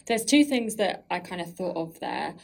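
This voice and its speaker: Lower-voiced woman hosting an interview. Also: animated, moderate pace, gravelly, a little mellow. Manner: encouraging, with frequent fillers like "like" and "um". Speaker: podcast host. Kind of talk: casual interview chat.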